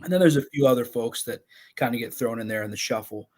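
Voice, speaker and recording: A man co-hosting a sports podcast, calmly steering topics with folksy phrases. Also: mid-range voice, fast talker. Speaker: podcast co-host. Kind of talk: casual sports chat.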